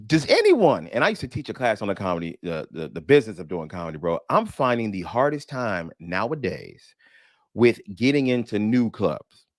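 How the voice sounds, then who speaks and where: A middle-aged man, a comedian co-hosting a radio talk show, chatting in an animated, emphatic way. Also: lowish voice, normal speed, dry recording, studio quality. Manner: animated, emphatic, says bro and man a lot. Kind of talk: casual comedy radio banter.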